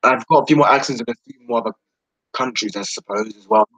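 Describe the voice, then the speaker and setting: A man's voice: medium pitch, quick pace, fairly bright tone, dry recording, poor audio. A young man with a British accent, rambling hesitantly in a casual vlog, with frequent stammers and restarts. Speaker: vlogger.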